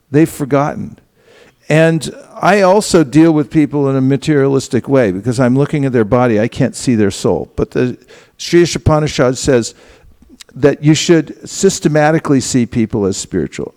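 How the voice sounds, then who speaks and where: A man's voice: medium pitch, animated, normal speed, a little mellow. A man teaching a seminar group, acting out little dialogues with casual asides. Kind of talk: instructional talk to a group. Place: temple hall.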